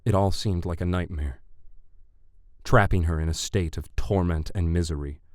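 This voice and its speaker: A man narrating a dark fantasy audiobook in a measured, deliberate way. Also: low-pitched, dry recording, studio quality.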